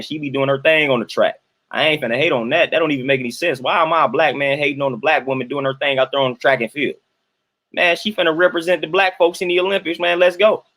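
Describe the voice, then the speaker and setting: A man's voice: mid-range voice, fairly bright tone. A young adult man, casually talking to his livestream chat, colloquial and repeating himself for emphasis. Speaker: livestream host reading chat.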